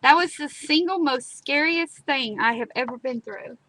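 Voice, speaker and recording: A woman's voice: high-pitched, moderate pace, pushed and bright, poor audio. A woman, chatting and telling stories while demonstrating a craft project. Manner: chatty storyteller, dramatic repetitions. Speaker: craft video host. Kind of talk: casual chat and craft demo. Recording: clear background noise, live stream.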